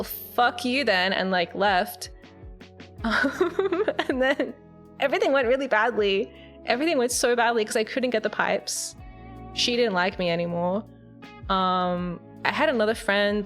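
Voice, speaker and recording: A woman's voice: medium pitch, fairly bright tone. A woman streamer recapping a game in casual, chatty storytelling, often breaking into giggles. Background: faint background music.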